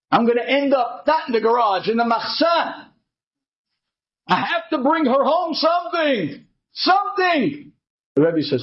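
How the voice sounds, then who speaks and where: Male storyteller, very high voice, theatrical character voices, dull lo-fi sound. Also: very animated, moderate pace. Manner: acts out characters with big pitch swings, heated and pleading. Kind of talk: animated story narration. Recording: dull lo-fi recording.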